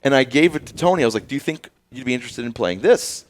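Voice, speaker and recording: A man in mid-range pitch spins a long, loose story in casual podcast chat. He stumbles through fillers and restarts and slips into quick voices for the people he quotes. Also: lively intonation. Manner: rambling, acts out quoted dialogue with many fillers. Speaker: podcast host.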